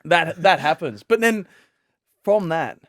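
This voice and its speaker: A man's voice: on the high side, slow pace, dry recording, clean studio sound. Rambling Australian man telling stories. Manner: rambling, full of fillers and restarts, animated when telling stories. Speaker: guest, professional fast bowler. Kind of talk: casual storytelling chat.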